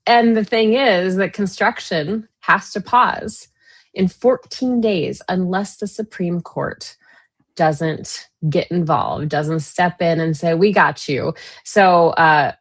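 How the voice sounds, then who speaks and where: A woman's voice: fairly low pitch, slow. A woman with a Minnesota accent, co-hosting a casual political chat with wry, sarcastic asides. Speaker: guest co-host.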